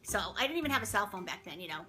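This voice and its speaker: A middle-aged woman telling a story to camera in a chatty, animated way, full of exclamations and acted-out voices. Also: medium pitch, racing. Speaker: vlog host telling a story.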